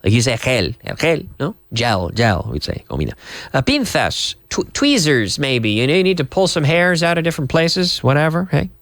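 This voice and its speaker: A man's voice: on the high side, sing-song, brisk, a bit bright, no room sound. A man from Canada teaching English vocabulary on a TV lesson, spelling words out and switching into Spanish.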